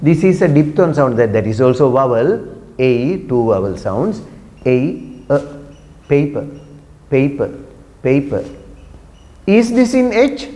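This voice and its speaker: A man's voice: mid-range voice, sing-song, measured pace, dark tone. A man teaching pronunciation to a class, patiently repeating words and asking questions. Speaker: English teacher. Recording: long echoey room reverb.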